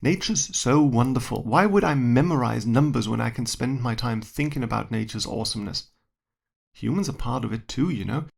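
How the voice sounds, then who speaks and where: A man's voice: medium pitch, expressive, a little fast, vocal fry, husky. A man who works as a science educator, reading his own short story aloud in a dry, wry first-person manner.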